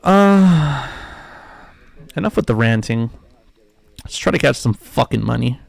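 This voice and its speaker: A man's voice: medium pitch, lively intonation, unhurried, creaky, no room sound. A man hosting a live trading stream, ranting emphatically and profanely, repeating himself for effect. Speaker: livestream trading host. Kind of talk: casual livestream rant.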